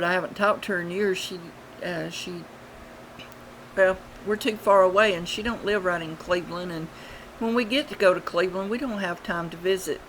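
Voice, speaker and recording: A woman, telling childhood stories in a rambling, unhurried way with many fillers, recorded on a webcam at home. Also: fairly low pitch, fairly bright tone, a little hiss or hum, low-quality recording. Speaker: vlogger. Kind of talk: casual storytelling.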